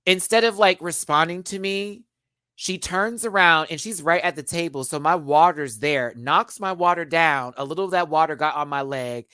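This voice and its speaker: A man hosting a live stream, telling a story in a casual, animated way straight to his viewers. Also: fairly high pitch, moderate pace, smooth, no room sound, studio quality. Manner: animated, chatty, addresses viewers as y'all.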